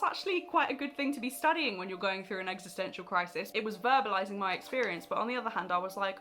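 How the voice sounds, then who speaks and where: A young adult woman speaking candidly to camera in a personal vlog, emotionally expressive and willing to laugh at hard memories. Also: mid-range voice, fast, few pauses. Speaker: vlogger. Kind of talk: personal confessional talk to camera.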